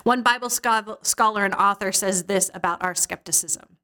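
Expressive woman preaching a sermon. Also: medium pitch, moderate pace, clear, resonant tone. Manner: expressive, dramatic storytelling. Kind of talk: sermon with scripture reading.

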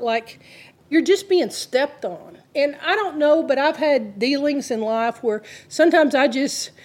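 A woman with a slightly high voice, preaching in a casual, talky way. She works through a story with earnest feeling and quotes the people in it as she goes. Her tone stays warm and direct, like teaching a congregation. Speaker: Christian teacher. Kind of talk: conversational sermon storytelling.

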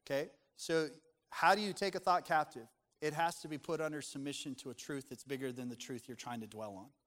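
A man's voice: a little high, a bit bright, big-room sound. Earnest male pastor preaching. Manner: earnest, conversational preaching with scripture readings. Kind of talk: sermon.

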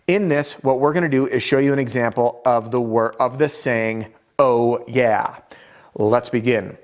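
A man teaching sales in an instructional video, speaking to the viewer in an upbeat, direct coaching manner. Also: mid-range voice. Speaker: roofing sales trainer.

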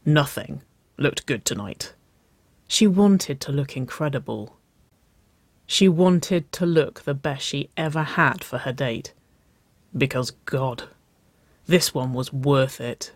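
A narrator reading a story aloud in a slow, measured way. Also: medium pitch, no room sound.

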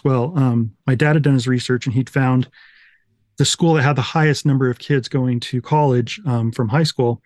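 A middle-aged man from Utah tells his life story as a podcast guest. He rambles along casually and pokes fun at himself. The voice sits at an ordinary pitch in a dry, close room. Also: fairly even intonation, normal speed, darkish tone, dry recording. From Utah, USA. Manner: rambling, self-deprecating, fond of 1980s references.

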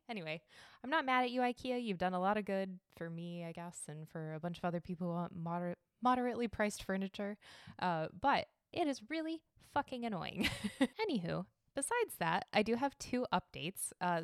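A young woman hosts an art and history podcast from her holiday-decorated home, chatting casually, laughing at herself and swearing freely. Her medium-pitched voice sounds clean and studio quality, with no room sound.

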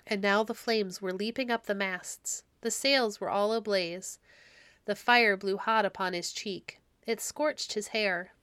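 A woman hosting a storytelling podcast, reading classic stories aloud in a gentle, measured way. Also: mid-range voice, clean tone, dry recording, clean studio sound. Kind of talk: storybook read-aloud narration.

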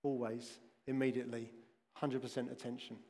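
A man's voice: medium pitch, level tone, normal speed, darkish tone. Chatty male preacher in echoing hall. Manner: chatty storytelling, asides to the listeners. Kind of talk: sermon. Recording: long echoing hall reverb.

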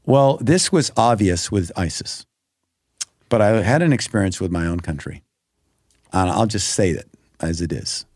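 A man's voice: low-pitched, lively intonation, normal speed, a little mellow, no echo, clean studio sound. A middle-aged man speaking earnestly as a podcast guest, giving personal testimony with emphatic, acted-out quotes. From United States. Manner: earnest, emphatic, acts out quoted prayers and dialogue.

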